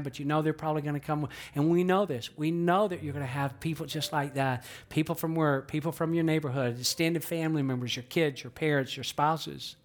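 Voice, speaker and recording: A man preaching a sermon as pastor, earnest, with many rhetorical questions to the congregation. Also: a little high. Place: church auditorium in a theater.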